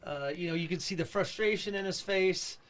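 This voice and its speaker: Chatty male co-host, a bit higher-pitched, loose and rambling delivery. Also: brisk, a bit bright. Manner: chatty, hedging with fillers like "I mean" and "like". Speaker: podcast co-host. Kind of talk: casual film recap chat.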